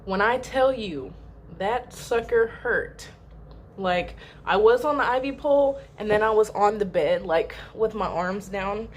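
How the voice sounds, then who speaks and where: A woman's voice: medium pitch, a little slow. A young woman vlogger casually retelling a personal story to camera, chatty and emphatic, with frequent filler words. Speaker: channel host.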